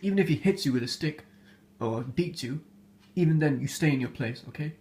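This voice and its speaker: A man's voice: a little high, brisk, darkish tone. Amused, hesitant male storyteller. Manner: hesitant, many fillers and restarts, amused. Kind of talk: casual storytelling.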